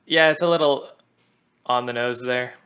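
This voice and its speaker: Male songwriter, mid pitch, bright tone, laid-back self-mocking commentary. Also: moderate pace, faint music behind. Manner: chatty, laughs at his own jokes, self-deprecating. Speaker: songwriter commenting on his own musical. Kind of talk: casual creator commentary.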